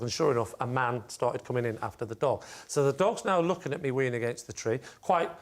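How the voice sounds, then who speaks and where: A man on a comedy panel show, telling a comic anecdote and acting out the shouts. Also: mid-range voice, a little fast, hardly any pauses. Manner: animated storyteller, shouts in character.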